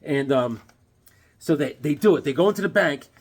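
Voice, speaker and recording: A man with a somewhat high-pitched voice chats his way through a comic book review. He rambles loosely, leans on fillers and tag questions, and slips in the odd pun. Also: expressive, normal speed. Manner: jokey, with puns.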